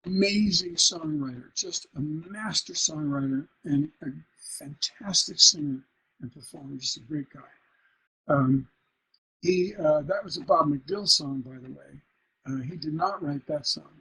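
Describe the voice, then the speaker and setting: A man's voice: on the high side, a little slow, pushed and bright, slightly rough, rough recording. A man teaching a songwriting workshop, explaining line rhythm and chanting nonsense syllables to show where the stresses fall. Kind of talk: workshop lecture.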